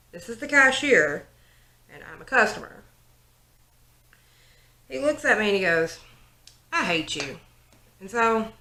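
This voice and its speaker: A woman's voice: medium pitch, bright, forceful tone. A young woman telling a story in a casual get-ready-with-me chat while doing her makeup, with lots of likes and ums. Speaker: vlogger, 911 operator. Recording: roomy home recording.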